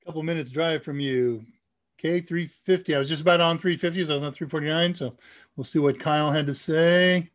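A man's voice: fairly high pitch, steady tone, fairly quick. A man with a nasal voice from the US Midwest, hosting a casual live Q&A stream and chatting keenly about tech.

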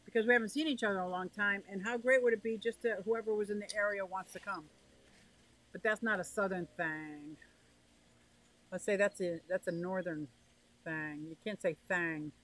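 In a low-quality recording, a medium-pitched, fairly bright-toned woman from the northeastern United States chats on a casual livestream. She reads the chat and greets viewers by name.

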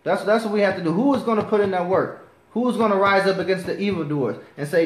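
A man's voice: high-pitched, fast talker, slight background noise. A man preaching a sermon to a class, reading scripture and pressing his points with passion that turns to righteous anger. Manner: impassioned, rising to righteous anger. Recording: echoey room.

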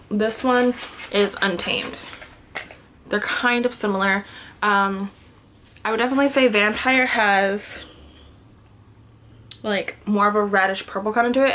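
A woman's voice: mid-range voice, a little slow, fairly bright tone. A woman sitting on the floor at home, talking to a camera in a casual beauty vlog, chatty and thinking aloud, often dropping to a murmur. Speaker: beauty vlogger. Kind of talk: casual product swatching vlog.

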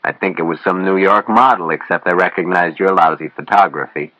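A man reading an audiobook, voicing a gruff, pushy middle-aged male boss who talks bluntly and makes demands. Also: low voice, brisk, bright, forceful tone, no echo, muffled recording. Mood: impatient.

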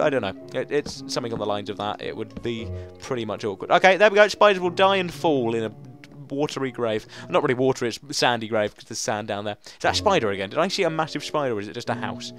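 A man talks his way through a game, a chatty commentator at a mid pitch. He jokes with himself and plays up small mishaps with mock drama. Faint music plays behind him. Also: fast talker, hardly any pauses, a bit bright. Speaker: Let's Play gamer. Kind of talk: gaming commentary.

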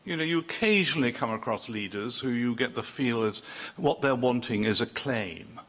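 An older man delivers a sermon in a bright, ringing voice. He talks loosely and conversationally, starting sentences over and joking with the people in front of him. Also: mid-range voice, lively intonation, normal speed. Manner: chatty, self-interrupting, joking with the congregation. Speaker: preacher.

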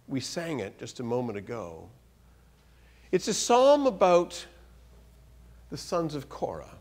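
This guest preacher's voice is gravelly with a breathy edge. Animated in the church pulpit, he breaks into sudden rises in pitch and volume and keeps repeating and restarting words.

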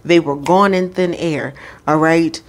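A woman's voice: low-pitched, fairly even intonation. A woman giving an intuitive spiritual card reading, speaking unhurriedly and checking in with the listener. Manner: unhurried, frequent "all right?" check-ins; addresses the Holy Spirit aloud.

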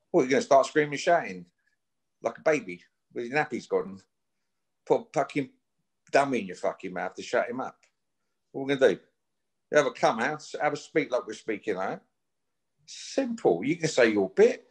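A man's voice: medium pitch, animated, moderate pace, husky. A man, talking bluntly and confrontationally as a guest in a casual chat, swearing often as he issues a challenge. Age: 50s.

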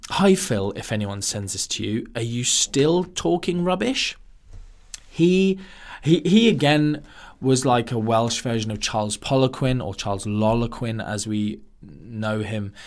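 A man hosting a podcast in a casual monologue, animated and sarcastic, wandering off on tangents. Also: medium pitch. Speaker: podcast host.

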